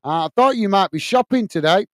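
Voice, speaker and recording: A man's voice: high-pitched, lively intonation, fairly quick. A man hosting a live football watch-along, casually reading out and answering viewer comments with plenty of fillers. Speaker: host.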